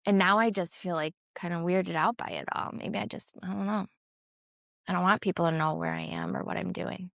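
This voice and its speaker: A woman's voice: lowish voice, steady tone, a little fast, vocal fry, a bit bright, dry recording, clean studio sound. A woman co-hosting a podcast in casual chat, reflective and hesitant, often trailing off. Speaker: podcast co-host.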